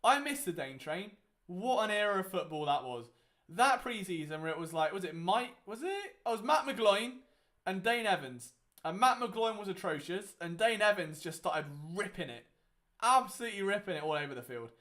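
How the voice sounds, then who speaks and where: Chatty young man, high voice. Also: big pitch swings, normal speed, bright, forceful tone. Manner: chatty, rambling, many fillers. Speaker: watchalong host. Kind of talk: casual live game commentary.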